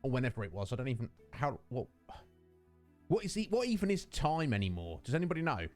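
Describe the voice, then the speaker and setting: Lively, affectionate male game streamer. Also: medium pitch, fast, faint music behind. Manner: affectionate, rambling, chatting with viewers. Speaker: Twitch streamer. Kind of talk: casual live-stream chat with viewers.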